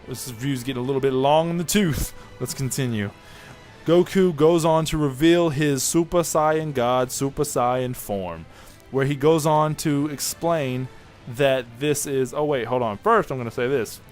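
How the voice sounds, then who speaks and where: A man giving a casual spoken review of an anime episode, rambling and excitable, often restarting and correcting himself. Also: mid-range voice, a little slow, faint music behind.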